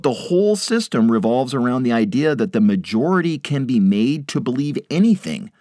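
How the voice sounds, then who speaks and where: A man's voice: a little mellow, dry recording, studio quality. A man hosting a podcast, reading out quotes and adding sarcastic asides in a dropped voice. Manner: sarcastic asides, drops voice low after quotes. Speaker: podcast host.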